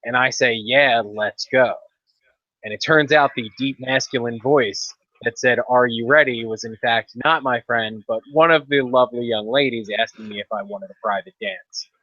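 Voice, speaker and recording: A man's voice: medium pitch, normal speed, few pauses, pushed and bright, no echo. A man on a casual podcast, telling a long story in a laid-back way with dry asides. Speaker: podcast co-host. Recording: dull lo-fi dry podcast audio.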